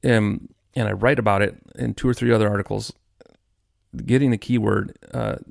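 A man's voice: lowish voice, fairly even intonation, normal speed, creaky, no echo, studio quality. A man hosting his own podcast, ranting in a frustrated, rambling way with many restarts. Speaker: podcast host. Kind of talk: solo podcast rant.

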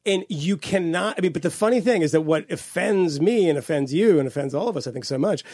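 Gravelly animated man. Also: a little high, a little fast, dry recording. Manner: animated, swearing, rambling with restarts. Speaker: podcast co-host. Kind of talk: casual political chat.

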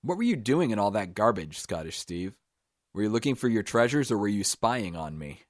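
A man voicing a simple-minded young man ruled by his mother, talking in a loud, eager, childlike way. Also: fairly low pitch, very animated, moderate pace, no echo, studio quality. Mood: insistent.

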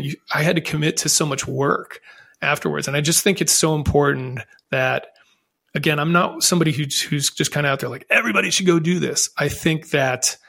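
A man's voice: on the high side, vocal fry, a bit bright. A man telling his own story as a podcast guest, in an earnest, reflective way with frequent restarts. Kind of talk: candid conversational storytelling.

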